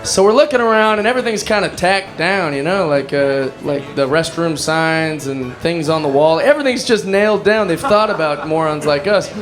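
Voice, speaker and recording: A man doing stand-up, telling a rambling, self-mocking story with animated energy. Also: a little high, moderate pace, few pauses, over music. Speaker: stand-up comedian.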